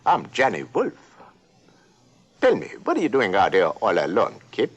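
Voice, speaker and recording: A man voicing a sly male wolf in a cartoon storybook, speaking low and conniving. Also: huge pitch swings, moderate pace, husky, lo-fi sound, full character voice.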